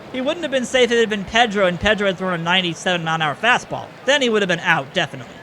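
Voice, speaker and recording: Man, high voice, play-by-play baseball game commentary, excitable, noisy background. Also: fast. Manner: excitable, rising on big plays, self-correcting.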